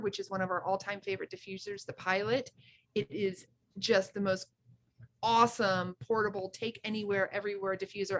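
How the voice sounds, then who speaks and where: A woman's voice: medium pitch, a bit bright, a little hiss or hum. A woman co-hosting a casual chat, effusive and enthusiastic, often restarting her sentences. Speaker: co-host.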